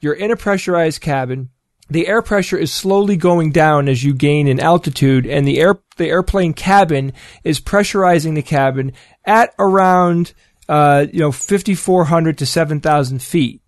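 A man's voice: fairly high pitch, moderate pace, no room sound, studio quality. A man on a talk show, explaining and debunking a claim with open scorn. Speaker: show regular. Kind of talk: casual chat.

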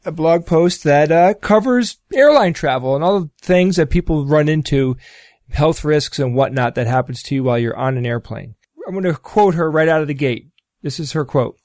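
A man's voice: on the high side, animated, moderate pace, darkish tone, no echo, studio quality. A man on a talk show, explaining and debunking a claim with open scorn. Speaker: show regular. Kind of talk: casual chat.

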